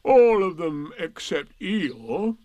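A man's voice: high voice, big pitch swings, darkish tone, no echo, pitched above the performer's own voice, heavily acted. Man doing a glum old donkey for a storybook, dragging every word, rising and sinking sadly. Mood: gloomy. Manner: mournful, drawn-out, sarcastic. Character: gloomy old male donkey, slow and self-pitying. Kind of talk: storybook reading.

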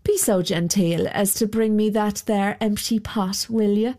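A woman voicing a sly, smooth-talking soldier who wheedles and flatters. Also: medium pitch, measured pace, natural voice. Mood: wheedling.

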